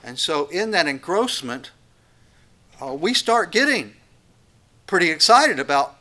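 A man's voice: on the high side, sing-song, unhurried, bright, forceful tone. A man preaching an expository sermon, earnest and emphatic, breaking up his points with fillers and restarts. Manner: earnest, emphatic, acts out quoted voices. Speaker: pastor.

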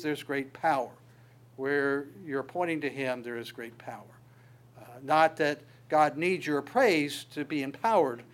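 An earnest male preacher with a slightly high voice delivers a sermon. He swells louder on scripture quotes and drops to a soft voice on asides. He often restarts phrases by repeating a word. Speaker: pastor.

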